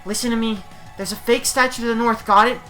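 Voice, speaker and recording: A man voicing a young green-haired woman from a game, an urgent, secretive character, in a hammy, deliberately bad voice. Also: very high-pitched, steady tone, sharp tone, soft background music, pitched above the performer's own voice.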